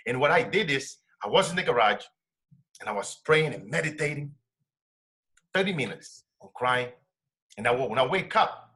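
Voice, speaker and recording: A man's voice: mid-range voice, pushed and bright. A middle-aged man from Brazil with a Brazilian Portuguese accent, a success coach telling a personal story in earnest, broken English.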